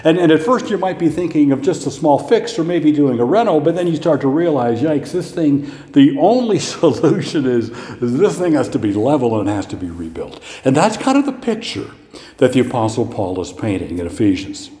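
A male pastor delivers a sermon in a warm, mellow voice whose pitch rises and falls freely. He talks conversationally, often asking a question and then answering it himself. The sound carries the long, roomy reverb of a church hall. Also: big pitch swings, normal speed. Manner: conversational preaching with rhetorical questions.

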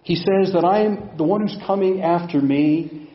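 A man's voice: high-pitched, normal speed. Man preaching in an echoey room. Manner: teaching, asks the congregation questions. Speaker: pastor. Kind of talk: sermon. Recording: echoey room, dull lo-fi sound.

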